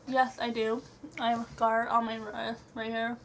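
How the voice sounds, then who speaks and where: In a home vlog, a young woman works through a question-and-answer tag video, hesitant, giggly and full of ums. Her voice is on the high side and level at a moderate pace, with a little hiss or hum in the recording.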